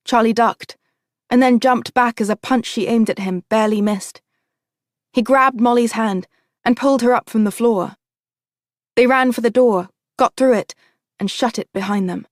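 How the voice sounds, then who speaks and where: A woman narrating an audiobook in a steady, even storytelling manner. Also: a little high, moderate pace, dry recording, studio quality. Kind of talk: scripted narration.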